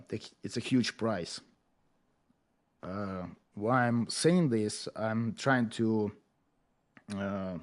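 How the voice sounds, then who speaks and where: A man from Ukraine with a Ukrainian accent, speaking English as a second language, talking earnestly and haltingly with many fillers as an interview guest. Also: medium pitch, a little mellow. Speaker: podcast guest, agriculture educator. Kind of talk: emotional interview talk.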